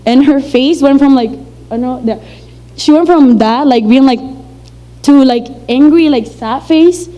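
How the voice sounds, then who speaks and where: A woman's voice: sits high, measured pace, dark tone, muffled recording, a little hiss or hum. A young woman from Venezuela, telling a personal story to an audience in a chatty, filler-heavy way and acting out the dialogue. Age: young adult.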